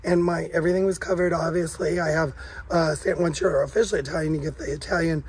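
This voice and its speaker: A middle-aged man from the United States, hoarse from coughing, chatting away on a vlog and laughing often. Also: on the high side, steady tone, fast, slight background noise. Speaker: vlog co-host. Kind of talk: casual chat.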